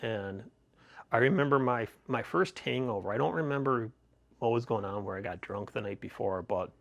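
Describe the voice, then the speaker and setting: A man's voice: medium pitch, normal speed, gravelly, dull audio. A middle-aged man on a podcast, telling rambling personal stories with many restarts and laughs. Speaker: podcast host, guest. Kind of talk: casual interview storytelling.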